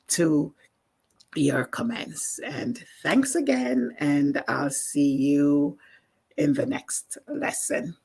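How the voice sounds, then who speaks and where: A woman with a Jamaican accent teaching a live language lesson, explaining slowly with many fillers. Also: deep voice, gravelly, slightly rough.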